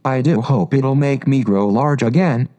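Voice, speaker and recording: A man's voice: medium pitch, unhurried, warm tone, natural voice. A man reading a storybook aloud and voicing a polite, curious little girl who speaks earnestly and a little plaintively. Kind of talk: audiobook reading.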